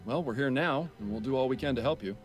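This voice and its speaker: A man's voice: medium pitch, soft background music, natural voice. A man voicing a dry, serious detective. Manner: dry, measured, formal. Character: serious, to-the-point male detective. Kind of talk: voiced game dialogue.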